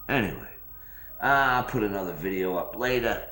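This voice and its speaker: Man, slow unhurried rant, swooping pitch, echoey room, faint music behind. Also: big pitch swings, fairly bright tone. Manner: rambling, sarcastic, repeats phrases. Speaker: vlog host. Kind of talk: morning rant vlog.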